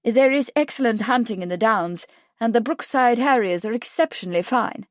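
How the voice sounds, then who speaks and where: A woman's voice: a little high, moderate pace, no room sound, pitched above the performer's own voice, natural voice. Lady narrator doing a genial posh hunting gent, a bit raised, dry close. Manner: genial, objecting politely. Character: genial wealthy hunting gentleman, man.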